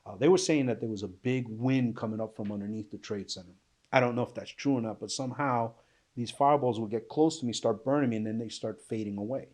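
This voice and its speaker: A man's voice: mid-range voice, quick pace, a little mellow. A middle-aged man, a retired police officer, recounting an ordeal in an interview with vivid, emphatic, plain-spoken storytelling. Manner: vivid, emphatic retelling that acts out quoted speech; plain-spoken, blunt, swears. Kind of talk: emotional first-person storytelling in an interview.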